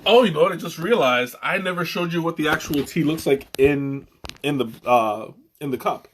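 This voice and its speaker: A young man hosting a casual live stream, excitable and rambling, with many restarts and fillers. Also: fairly high pitch, normal speed, a little hiss or hum. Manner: excitable, laughs often. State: has the hiccups. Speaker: tea stream host.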